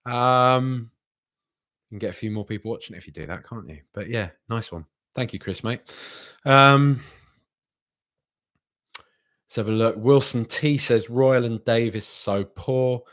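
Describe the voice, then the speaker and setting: A young man hosting a live football reaction stream and reading out viewer comments in a chatty, animated way, often repeating himself. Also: mid-range voice, unhurried, long pauses. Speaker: football podcast host.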